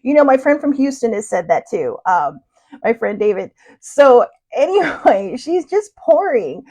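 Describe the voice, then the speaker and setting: A woman's voice: fairly high pitch, big pitch swings, a little slow, darkish tone. A woman host telling a funny story in a casual, chatty way, laughing and poking fun at herself. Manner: chatty, laughing, self-deprecating. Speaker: podcast host.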